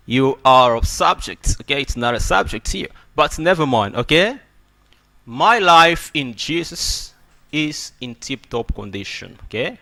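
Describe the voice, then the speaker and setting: A man hosting a radio English lesson, emphatic and preachy, tagging nearly every sentence with "okay?". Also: mid-range voice. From Democratic Republic of Congo. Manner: emphatic, preachy teacher, often gets louder to stress a point. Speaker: English teacher and radio host.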